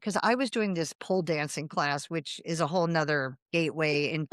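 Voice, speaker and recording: A woman's voice: deep voice, fairly quick, no echo, clean studio sound. A woman in her fifties, a writer, telling a long, rambling anecdote in a casual interview, acting out quoted dialogue and laughing along the way. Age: 50s. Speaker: guest, writer.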